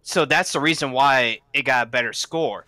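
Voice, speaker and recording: Man on a gaming podcast with a bright, clear voice and a dry, close sound. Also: medium pitch, normal speed, dry recording. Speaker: podcast co-host. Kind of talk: casual chat.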